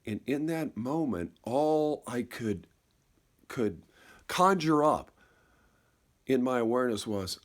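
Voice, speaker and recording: A man's expressive, mid-range voice carries a slow, thoughtful personal story. He pauses haltingly, repeats himself, and softens his voice when he reaches key points.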